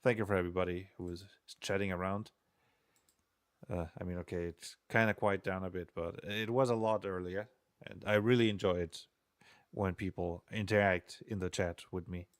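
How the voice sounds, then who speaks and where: A man's voice: low-pitched, fairly even intonation, normal speed, clean tone, no echo, clean studio sound. A young man streaming while he programs, chatting casually and rambling in a self-deprecating way with frequent chuckles. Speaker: game designer streaming programming.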